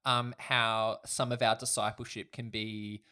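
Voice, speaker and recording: A man's voice: lowish voice, flat delivery, measured pace, pushed and bright, smooth. A young man hosting a casual church podcast, upbeat and chatty, laughing often. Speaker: podcast host.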